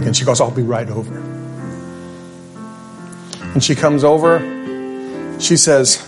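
Male pastor, sermon, conversational asides, mid-pitched voice, piano underneath. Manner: conversational preaching with asides and restarts.

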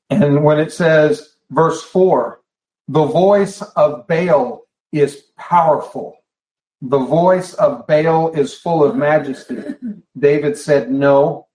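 A man's voice: fairly high pitch, slow, darkish tone. A man preaching a Bible study sermon in a church hall, talking in a conversational way and often restarting and repeating phrases. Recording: echoey room.

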